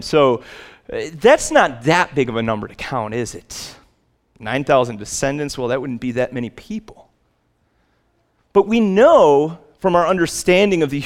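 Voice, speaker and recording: A male pastor preaching a sermon, slowing down and rising for emphatic lists. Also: clear, resonant tone. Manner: rises in pitch and slows for emphatic lists.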